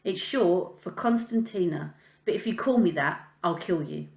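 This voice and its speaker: A woman's voice: lowish voice, moderate pace, creaky. A woman voicing a blunt, prickly girl who survived a plane crash, speaking in a dry, sarcastic way. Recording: echoey room.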